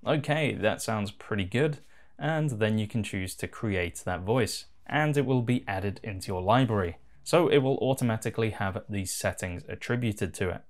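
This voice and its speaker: A man giving a relaxed, casual voice-over as he walks through a software tutorial. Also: on the low side, moderate pace. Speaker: tutorial host.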